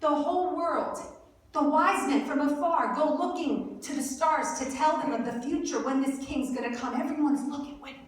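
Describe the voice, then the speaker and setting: A woman preaching an Easter sermon, telling the story in an animated way and acting out the lines of the people in it. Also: high-pitched, moderate pace. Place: church hall. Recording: echoey hall, mic at a distance.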